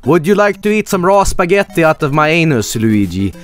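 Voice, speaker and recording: Goofy Mario brothers with a thick put-on Swedish accent, voiced by a man, slow and overdone. He talks loud and lively, swinging his pitch around. Faint music plays behind. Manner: slow, exaggerated, loud comic delivery.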